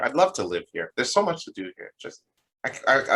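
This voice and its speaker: A man's voice: mid-range voice, a little fast, rough recording. A young man co-hosting a podcast, telling a long comic story in casual chat, rambling and swearing often. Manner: profane, rambling, animated storytelling. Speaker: podcast co-host.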